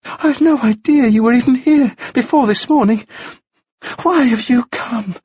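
A man voicing a frightened jailer's wife who pleads in a breathy whisper. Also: extremely high pitch, moderate pace, darkish tone, no echo, muffled recording, pitched above the performer's own voice.

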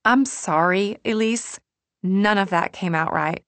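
A woman's voice: mid-range voice, slow pace, fairly bright tone, no room sound, pitched above the performer's own voice. A woman narrator voicing an earnest young woman friend in an audiobook. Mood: apologetic. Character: young adult woman friend, defensive then apologetic.

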